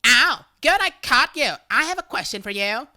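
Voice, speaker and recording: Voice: sits high, animated, normal speed, bright, forceful tone, voice pushed up, heavily acted. A text-to-speech narrator voicing a pushy older small-town woman who makes demands. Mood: demanding.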